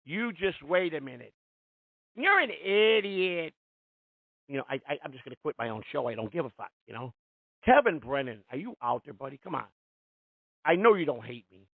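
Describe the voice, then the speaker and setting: A man's voice: mid-range voice, big pitch swings, quick pace, creaky, no echo. A man hosting a call-in radio show, talking in a profane, rambling way with a lot of restarts. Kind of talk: casual call-in radio talk. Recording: tinny, dry phone-line sound.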